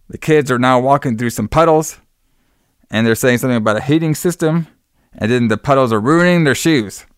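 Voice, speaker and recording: A man's voice: mid-range voice, smooth, no echo, studio quality. A man co-hosting a show, casually recapping a horror movie, swearing often, laughing and acting out the characters' lines. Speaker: podcast co-host.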